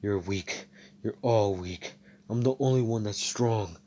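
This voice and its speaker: A man's voice: fairly low pitch, a little slow, warm tone. A young man voicing an arrogant male villain who scorns everyone as weak. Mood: scornful. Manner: scornful, boastful.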